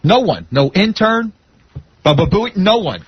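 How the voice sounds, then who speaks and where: A man who is a relationship expert, coaxing and animated as a radio guest. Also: sits high, unhurried, breathy edge, dry recording. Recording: dull lo-fi radio broadcast.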